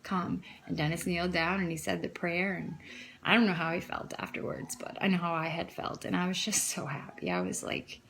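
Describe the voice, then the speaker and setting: Woman vlogger for a heartfelt testimony: bright, fry-heavy voice, rambling and emotional. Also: on the low side, expressive, fairly quick. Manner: emotional, rambling, frequent "I'm like" quotes. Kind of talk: casual personal testimony.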